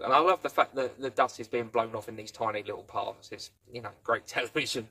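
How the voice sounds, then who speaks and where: A man's voice: medium pitch, steady tone, fairly quick, bright, forceful tone. Guy doing a chatty tv review, rambly, does little voices for quotes. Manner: rambling retelling, playfully acting out quotes. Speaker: film and TV reviewer. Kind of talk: casual spoken review.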